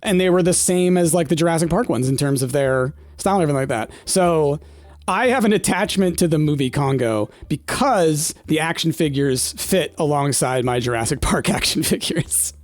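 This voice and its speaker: A gaming streamer in his thirties chats casually while playing, rambling nostalgically and using plenty of fillers. His voice is a little high and animated, at normal speed with no echo. It's recorded on a dry close mic with faint game music behind him.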